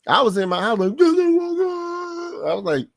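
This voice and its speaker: A man hosting a casual sports podcast, excitable and slangy, laughing often as he talks. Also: sits high, brisk, gravelly, husky, dry recording, studio quality. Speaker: podcast host.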